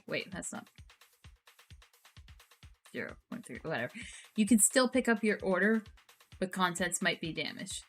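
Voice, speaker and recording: A woman streamer reacting to posts and telling stories in an animated, profane, ranting way. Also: lowish voice, moderate pace, long pauses, faint music behind. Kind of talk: casual storytelling stream.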